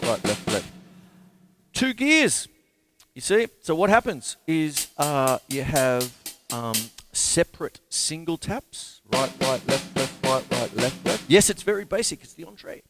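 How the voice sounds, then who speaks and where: Chatty Australian drum teacher, lively voice. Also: male voice, mid-range voice, unhurried, music in the background. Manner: chatty, counts rhythms and stickings aloud, jokey asides. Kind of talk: live-streamed drum lesson. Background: drum kit playing.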